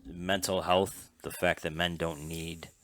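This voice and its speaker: A man with a very deep voice co-hosts a casual podcast, explaining at length with lots of ums and you-knows. His tone is bright and forceful. The recording is dry and close. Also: little pitch movement, measured pace, dry recording. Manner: explains at length with many fillers. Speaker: podcast co-host. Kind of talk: casual chat.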